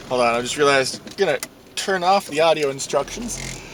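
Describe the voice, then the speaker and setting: A man vlogging from his car in a parking lot, ranting sarcastically and swearing, breaking into mocking high yells. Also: expressive, brisk, a little hiss or hum. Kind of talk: casual vlog ranting while driving.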